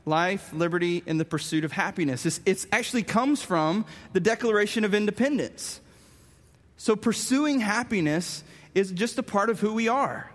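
A man preaching with a high, bright-sitting voice. He tells stories in an animated way and laughs at himself. The sound carries a long reverb, like a large hall. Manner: animated, self-mocking storytelling. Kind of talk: storytelling sermon.

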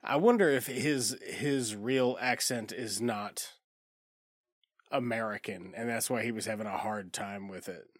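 A man hosting a podcast in a casual movie discussion, wry and quick to mock his own jokes. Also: on the low side, no echo, studio quality. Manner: wry, self-mocking jokes. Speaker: podcast host.

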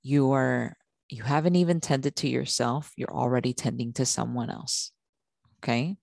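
A woman's voice: extremely low pitch, moderate pace, creaky, a little mellow, no echo. A woman hosting a talk for mothers, repeating her points and checking in with an "okay?" as she goes. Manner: repeats herself, says okay often; often stops and restarts sentences. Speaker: podcast host.

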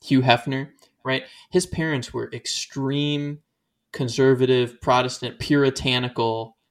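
A man with a gravelly, creaky voice at a middle pitch, talking about faith in a loose, animated way. He rambles and slips into quoted voices to make his points. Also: a little slow. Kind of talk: casual faith discussion.

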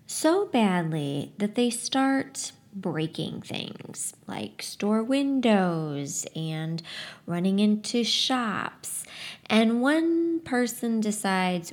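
A woman's voice: medium pitch, extremely slow. A woman giving a casual book talk, summing up a story in a chatty way and then reading a passage aloud with expression. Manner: chatty, relaxed, frequent "like" quotes; expressive first-person reading.

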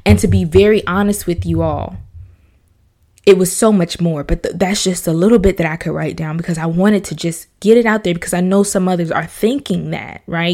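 A woman's voice: mid-range voice, darkish tone. A young adult woman hosting a personal podcast, speaking earnestly and emotionally, repeating herself and sometimes dropping to a whisper. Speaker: podcast host, mother.

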